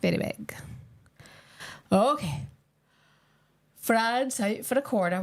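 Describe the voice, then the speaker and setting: A woman's voice: on the high side, expressive, slow, long pauses. A young woman chatting casually with her viewers on a live stream while she watches a football match and answers their comments.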